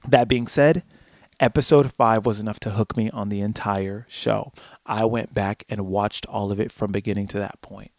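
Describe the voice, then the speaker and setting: A man's voice: lowish voice, steady tone, moderate pace, darkish tone, no echo, clean studio sound. A man hosting a solo podcast, ranting animatedly with plenty of swearing and acted-out asides to himself. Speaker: podcast host.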